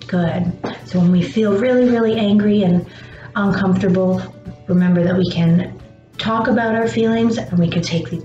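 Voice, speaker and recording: A woman teaching young children about feelings, speaking slowly and encouragingly and pausing for their answers. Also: medium pitch, steady tone, mellow. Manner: slow, encouraging, pauses for answers. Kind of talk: gentle lesson for young children. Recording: dull roomy sound with faint music.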